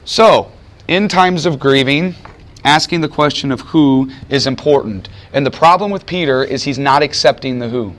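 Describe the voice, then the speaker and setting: Teaching from a Bible passage, a preacher speaks in a medium-pitched, somewhat bright voice. He presses his message with emphatic rhetorical questions and purposeful slowdowns for emphasis.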